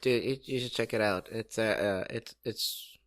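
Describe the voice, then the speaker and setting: A man with a gravelly, fairly low voice chats as a podcast co-host, laid-back and halting with fillers. The sound is dry and close, with no room echo. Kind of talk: casual chat.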